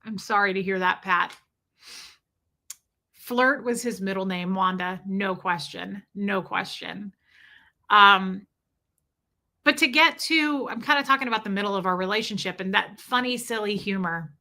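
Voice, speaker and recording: A woman with a mid-range, bright voice and a forceful tone speaks a little slowly as she hosts a livestream. She tells personal stories chattily to her live chat, reading viewer comments aloud along the way.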